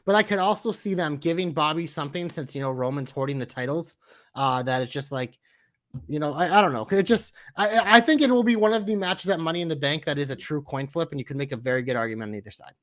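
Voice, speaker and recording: A man co-hosting a casual wrestling chat, relaxed and joking with a playful way of talking. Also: on the high side, quick pace. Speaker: podcast co-host.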